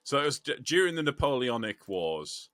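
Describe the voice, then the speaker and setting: A man's voice: medium pitch, very animated, moderate pace, fairly bright tone, no echo. A British man co-hosting a casual podcast, joking, swearing and laughing often. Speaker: podcast co-host. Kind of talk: casual chat.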